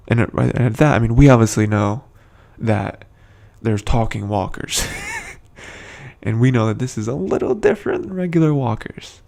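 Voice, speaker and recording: A man's voice: mid-range voice, very animated, moderate pace, gravelly, a little mellow. A man giving a casual, rambling recap of a TV episode, full of fillers and restarts, with the odd chuckle. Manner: chuckles between points. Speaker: show commentator.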